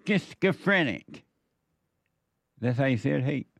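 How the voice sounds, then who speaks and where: A man hosting a call-in radio talk show, speaking with emphatic, lecturing force that rises in pitch when he presses a point. His voice sits at a middle pitch and is recorded dry and close on a studio mic. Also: animated, unhurried, no room sound. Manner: emphatic, lecturing, often laughing. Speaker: radio host.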